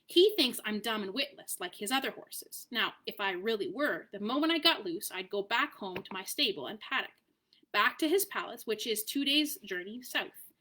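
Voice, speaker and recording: A woman voicing a proud, brisk adult male talking war horse in a storybook read-aloud, with a commanding, impatient manner. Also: mid-range voice. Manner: commanding, impatient, lively emphasis.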